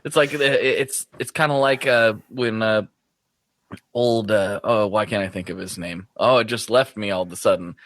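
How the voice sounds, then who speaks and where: A man hosting a podcast in a relaxed, chatty way, with plenty of filler words. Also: on the low side, normal speed, dry recording. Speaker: podcast host. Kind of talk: casual podcast chat.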